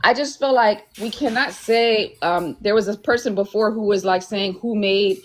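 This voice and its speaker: A woman's voice: mid-range voice, moderate pace. A woman on a live-stream panel who argues her view earnestly, hedging with "like" and "um". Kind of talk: casual panel discussion.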